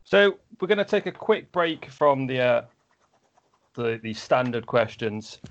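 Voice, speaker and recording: A man's voice: mid-range voice, animated, measured pace. A man hosting a sports podcast, putting fan questions to his guest in an easygoing, teasing way. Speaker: podcast host. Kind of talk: casual podcast interview. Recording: dull lo-fi audio.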